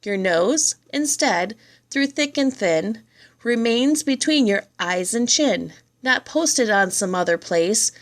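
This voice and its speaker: A woman reading children's poems aloud, in a lively and expressive read-aloud manner. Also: on the high side, takes it slowly. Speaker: reader.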